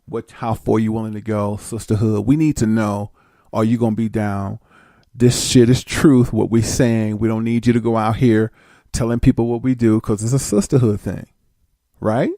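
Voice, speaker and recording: Low, hushed woman recruiter, cool and secretive, put on by a man. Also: fairly even intonation, normal speed, no echo, natural voice. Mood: hushed, coaxing.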